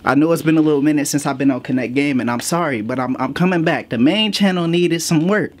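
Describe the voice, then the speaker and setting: A man's voice: a little high, fast talker. A man hosting a casual gaming vlog from his home office, slangy and a little out of breath, talking straight to his viewers. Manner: slangy, talks straight to viewers with lots of asides. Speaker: gaming YouTuber host.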